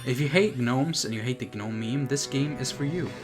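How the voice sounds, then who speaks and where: A man's voice: mid-range voice, moderate pace, music in the background. A man giving casual, joking commentary while streaming a video game. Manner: chatty, laughs at own jokes, nostalgic.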